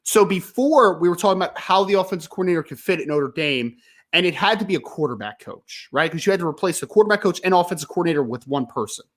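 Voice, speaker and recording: A young man hosts a live sports talk stream, emphatic and visibly frustrated. His pitch rises and falls widely as he pushes his points. He keeps talking casually and directly to his viewers. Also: quick pace. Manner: frustrated, emphatic, ranting then calming. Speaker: sports podcast host.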